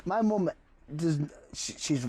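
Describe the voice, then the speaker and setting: Young guy chatting away as a guest, lively stories, lots of yeah yeah yeah. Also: a little high, slow. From Cumbria, England. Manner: animated storytelling, lots of yeah yeah yeah. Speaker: guest, actor and singer. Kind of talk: casual chat.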